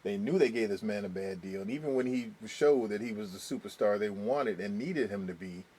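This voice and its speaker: A young man co-hosts a casual podcast chat, giving measured, opinionated commentary. His voice sits low with a husky edge. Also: lively intonation, warm tone. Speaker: podcast co-host.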